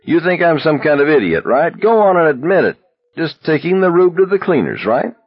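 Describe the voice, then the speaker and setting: A man voicing a loud, suspicious young man who shouts and whines indignantly in a slightly muffled recording. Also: sits low, sing-song, moderate pace, husky, full character voice. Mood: hollering.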